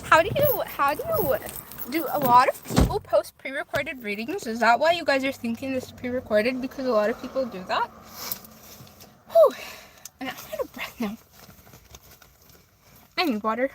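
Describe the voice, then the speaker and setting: A woman's voice: high voice, very animated, normal speed, pauses often, noisy background. A woman livestreaming from a phone in her car, casually reading viewer comments aloud and chatting back. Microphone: phone camera.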